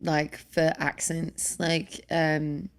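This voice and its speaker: A woman's voice: low voice, level tone, very slow. A woman from England with an English accent, chatting casually as an interview guest and filling her talk with "like". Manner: chatty, many filler "like"s. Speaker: guest musician.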